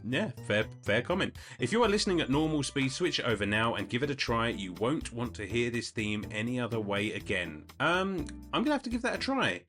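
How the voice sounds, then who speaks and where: A man's voice: medium pitch, sing-song, brisk, few pauses, fairly bright tone, soft background music. British man, chatty podcast host. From United Kingdom. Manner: rambling, self-correcting, chatty. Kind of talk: casual chat answering listener questions.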